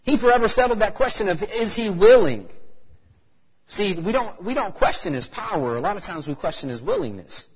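A man's voice: high-pitched, very animated, a little fast, a little hiss or hum. A man preaching a sermon in a church hall, asking the congregation rhetorical questions. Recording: echoey hall reverb.

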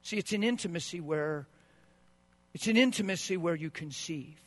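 In a dry recording, a man gives a sermon in a slightly high voice at normal pace. He moves from hushed asides to loud bursts and acts out what spouses say.

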